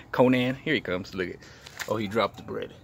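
A man casually vlogging outdoors in a parking lot, playfully cooing at a pet rabbit in a higher voice. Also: unhurried, gravelly, slight background noise. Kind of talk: casual vlog.

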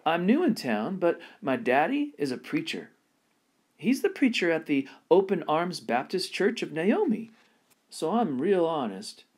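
An earnest little girl, eager to please, pleading her case in a raised, bright storybook voice, as a man puts her on while reading aloud. Her voice climbs well above an ordinary speaking tone and swings lively as she talks. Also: a little high, pitched above the performer's own voice. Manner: pleading, talks fast and sincerely.

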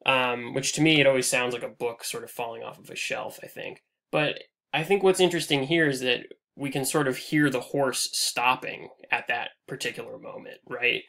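A man teaching a recorded online lecture over slides, casual and full of "um"s, his phrases trailing off quietly at the ends. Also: mid-range voice, normal speed, gravelly. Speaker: English instructor.

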